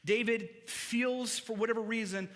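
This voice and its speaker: A man's voice: extremely high pitch, steady tone, normal speed, fairly bright tone, big-room sound. A male pastor preaching an earnest sermon, repeating words as he stresses a point. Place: church hall.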